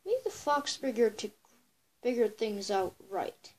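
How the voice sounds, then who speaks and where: A woman's voice: a little high, sing-song, unhurried, darkish tone. A girl voicing a small, naive male chipmunk who sounds anxious and questioning. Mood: brooding.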